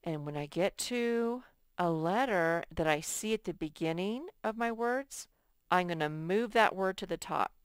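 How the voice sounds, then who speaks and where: A woman teaching a first grade lesson in a slow, patient, sing-song way. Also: on the low side, lively intonation, clean tone, no echo. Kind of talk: recorded classroom lesson.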